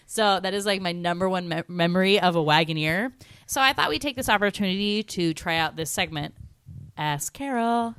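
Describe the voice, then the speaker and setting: A woman's voice: on the low side, normal speed, fairly bright tone, clear, resonant tone, dry recording. A woman co-hosting a podcast, telling a meandering story in casual chat with lots of "like"s. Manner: meandering storyteller, chatty with many "like"s. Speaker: podcast co-host.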